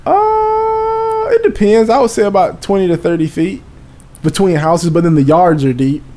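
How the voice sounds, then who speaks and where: A man, telling a story in casual chat, animated and profane, acting out voices and sounds. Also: high voice, normal speed.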